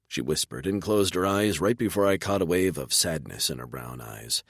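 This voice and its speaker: A man narrating a romance audiobook in the first person, intense and measured. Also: deep voice, animated, fairly bright tone, dry recording, clean studio sound.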